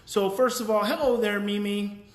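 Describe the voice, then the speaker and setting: A man's voice: sits high, fairly even intonation, normal speed, roomy sound. A man hosting a daily live parenting talk, explaining earnestly in a casual way and thinking aloud with restarts while reading viewer comments.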